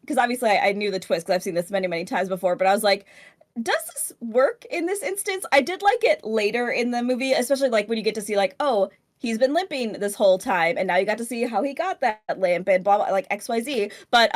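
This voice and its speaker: A woman co-hosting a podcast in casual chat, giggly and rambling with lots of filler. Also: on the high side. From United States. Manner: giggly, rambling with many ums. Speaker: podcast co-host.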